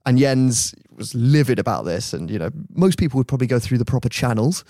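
A man's voice: medium pitch, big pitch swings, brisk, mellow, no room sound, clean studio sound. A man, hosting a podcast and telling an anecdote casually and animatedly, often laughing. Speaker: podcast host. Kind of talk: casual storytelling.

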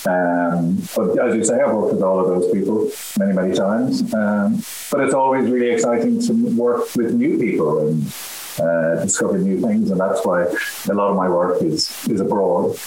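A middle-aged Irish man, an actor being interviewed, talking in a halting way with many restarts. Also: deep voice, a little mellow. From Ireland. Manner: halting, full of restarts and fillers. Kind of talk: casual interview chat. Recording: roomy echo with faint hiss.

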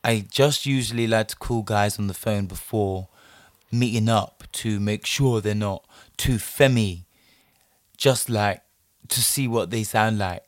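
A man voicing a curt, macho man on a phone call in a lowered, gruff voice. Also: a little slow, no room sound, clean studio sound, natural voice. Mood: blunt.

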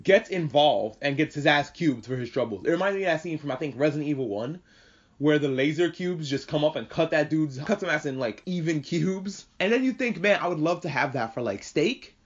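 A man casually reviewing an anime episode on his own, excitable and swearing, acting out the characters as he goes. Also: fairly high pitch, brisk. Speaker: podcast host reviewing anime. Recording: dull lo-fi audio.

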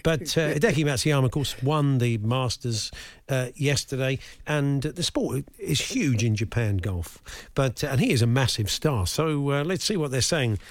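A man's voice: mid-range voice, no room sound. A man hosting a casual sports talk radio show, joking and reading listener texts aloud. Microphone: studio microphone.

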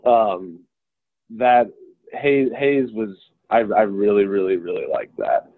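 A man's voice: lowish voice, slow pace, no room sound. A young man chatting as a podcast guest, rambling and self-deprecating, often stammering and restarting his sentences. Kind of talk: casual chat. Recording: tinny phone-like remote call line.

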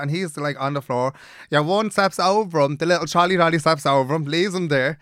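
Fast-talking Dublin man telling stories. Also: on the high side, a bit bright, clear, resonant tone, no room sound, studio quality. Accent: Irish, Dublin. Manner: swearing, acts out the people he quotes. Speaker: podcast co-host. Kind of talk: casual storytelling chat.

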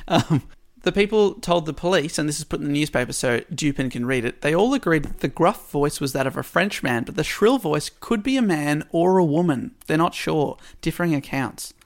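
A man's voice: a little high, animated, fairly quick, few pauses. Man retelling a story, laughing. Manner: laughs often, retells with playful asides. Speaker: podcast co-host. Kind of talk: casual chat retelling a story.

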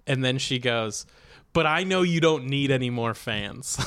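A man's voice: medium pitch, lively intonation, normal speed, fairly bright tone, smooth. Man telling stories on a podcast. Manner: storytelling, acting out quotes, laughs often. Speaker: podcast co-host and comedian. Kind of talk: casual podcast chat.

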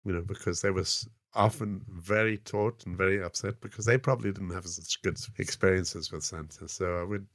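A man's voice: low voice, steady tone, fairly quick, hardly any pauses, a bit bright, dry recording, studio quality. An older man with a South African accent, telling stories as a podcast guest in a rambling way. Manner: rambling, frequent "you know" fillers. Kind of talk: casual anecdotal storytelling.

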